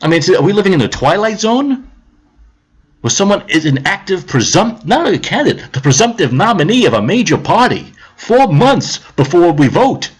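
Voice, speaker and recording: A man's voice: sits high, sing-song, normal speed, husky. A man ranting on a live stream about politics, heated, sarcastic and profane, repeating his points.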